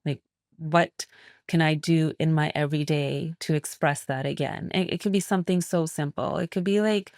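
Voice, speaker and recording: A woman's voice: sits low, steady tone, normal speed, a little mellow, no echo, clean studio sound. A woman naturopathic physician speaking as a guest in an interview, explaining in a reflective, flowing way. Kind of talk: interview conversation.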